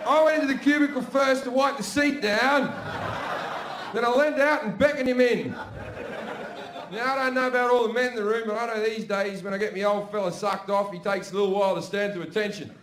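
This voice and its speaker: On a comedy stage before a live crowd, this middle-aged Australian man delivers a brash, crude, swearing stand-up set of stories. His voice is very high-pitched with fairly even intonation and a slightly fast pace, in an echoey venue with audience noise.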